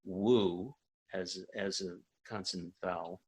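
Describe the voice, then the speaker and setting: A man leading a singing warm-up as a vocal coach, calm and encouraging. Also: mid-range voice, moderate pace, breathy edge.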